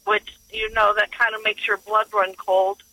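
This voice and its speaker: A woman calling in to a radio show, telling a story in an animated way and acting out what others said. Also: mid-range voice, normal speed, low-quality recording. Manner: animated storyteller who acts out the quoted voices. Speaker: caller.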